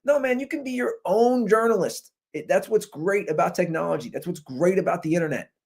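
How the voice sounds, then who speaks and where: A man hosting a podcast, giving animated, jokey commentary on viral videos through a computer's built-in microphone. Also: sits high, fairly quick, vocal fry. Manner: animated, jokey, talks over clips. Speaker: podcast host. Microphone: computer's built-in mic.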